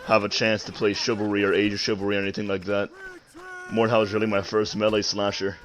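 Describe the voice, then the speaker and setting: A nineteen-year-old man hosting a live stream, talking easily with halting fillers. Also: lowish voice, flat delivery, slight background noise. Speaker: streamer host. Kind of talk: casual live-stream chat.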